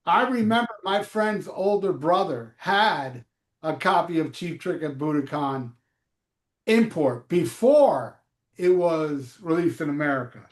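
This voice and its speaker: A man in his fifties hosts a live chat show, his voice pitched high and bouncing around a roomy, echoing space. He rambles and jokes in an easygoing way, with plenty of fillers. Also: expressive, unhurried. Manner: loose, joking, rambling with fillers. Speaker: host. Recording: echoey room.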